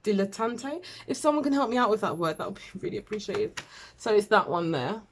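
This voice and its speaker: Woman, tarot reader, casual and rambling, middle pitch, faint background noise. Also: expressive, fast talker. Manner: chatty, rambling, self-deprecating, with fillers and laughs. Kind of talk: casual tarot reading to camera.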